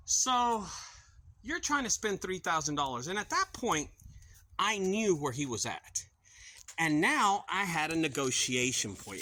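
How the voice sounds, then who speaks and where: A man's voice: high voice, pushed and bright, rough recording. A middle-aged man who owns a junk removal business, speaking casually to camera outdoors and acting out both sides of a sales conversation. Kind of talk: casual talking-to-camera vlog.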